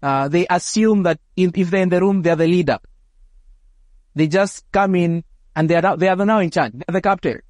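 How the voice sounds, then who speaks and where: A man preaching from the pulpit in a high, clear voice, close and dry on the mic. He speaks emphatically, stacking phrases and repeating words as he drives each point home. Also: a little mellow, no echo. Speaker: pastor. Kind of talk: sermon. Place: church.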